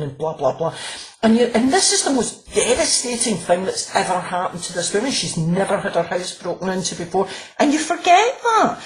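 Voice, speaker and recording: A woman's voice: medium pitch, sing-song, moderate pace, poor audio. A woman, a crime author and former police officer, chatting in an interview, often restarting sentences and laughing as she tells stories. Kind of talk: casual interview chat.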